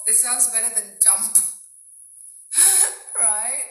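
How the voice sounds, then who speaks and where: A woman's voice: a little high, lively intonation, a little slow, sharp tone, roomy sound, rough recording. A woman hosting a casual live stream, joking with her viewers and laughing at her own jokes. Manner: addresses viewers directly.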